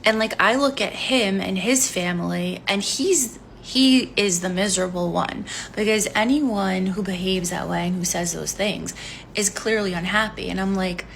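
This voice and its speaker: Gravelly-voiced woman in her forties. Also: medium pitch, unhurried, fairly bright tone, slight background noise. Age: 40s. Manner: frank, blunt storytelling. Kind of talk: candid vlog monologue.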